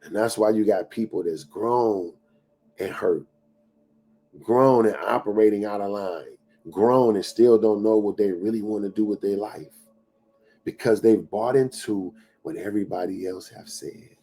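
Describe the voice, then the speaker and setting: Speaking a little slowly in a mellow voice with a breathy edge, the middle-aged motivational speaker preaches emphatically and repeats himself for effect. At times he drops to a low whisper, acting out inner doubts.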